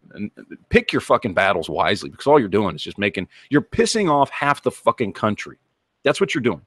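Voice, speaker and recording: A man's voice: fairly low pitch, a bit bright, no echo. Guy ranting and cussing, voice swings up and down a lot, dry sound. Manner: profane, heated, repeats himself. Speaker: channel host. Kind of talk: angry rant to camera.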